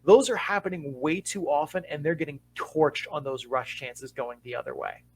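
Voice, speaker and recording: A man talks through hockey tactics as a podcast co-host, in a slightly higher voice than most men. He explains at an even, measured pace and slows down to stress key points. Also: creaky, slight background noise, rough recording. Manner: measured, explanatory, with deliberate pauses for emphasis. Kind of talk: casual podcast analysis.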